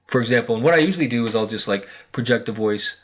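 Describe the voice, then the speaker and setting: A man's voice: mid-range voice, fast talker. Rambling American man musing aloud. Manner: rambling, many fillers and quoted asides. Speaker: spiritual video host. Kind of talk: casual monologue.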